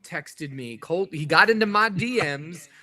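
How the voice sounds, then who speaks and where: A man chatting as a podcast guest. He tells stories with animated energy and laughs often. His voice is bright and forceful, and sits a little high for a man. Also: a little slow. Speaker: guest, TV executive and voice actor. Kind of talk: casual podcast chat.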